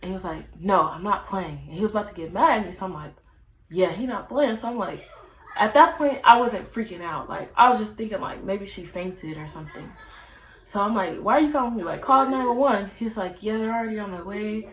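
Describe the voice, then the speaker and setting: Young woman, vlogger, casual storytelling, chatty with fillers, mid pitch, echoey room. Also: fairly quick, fairly bright tone, slight background noise. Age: young adult. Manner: chatty, many "like" fillers, retelling dialogue.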